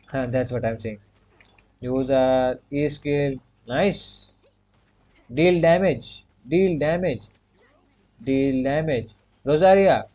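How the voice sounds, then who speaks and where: This gaming streamer has a warm, medium-pitched voice, heard through a muffled recording. He comments casually as he plays a video game, guiding himself move by move, repeating short commands, and dropping "you can say" into every gap.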